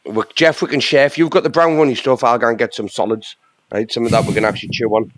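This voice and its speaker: A man's voice: mid-range voice, steady tone, fast, background noise. A man with an English accent, a panelist joking crudely in casual chat over a remote call. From England. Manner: jokey, crude banter.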